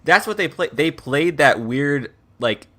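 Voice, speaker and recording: A man's voice: a little high, lively intonation, a little slow, a bit bright. A man co-hosting a casual podcast, talking about films in a hesitant way with many ums. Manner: hesitant, lots of ums and restarts. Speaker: podcast co-host. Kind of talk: casual chat.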